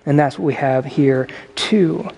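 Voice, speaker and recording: A man preaching a sermon as pastor in a conversational way, with animated asides. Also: fairly high pitch, a little slow, gravelly, husky, in a large hall. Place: church sanctuary.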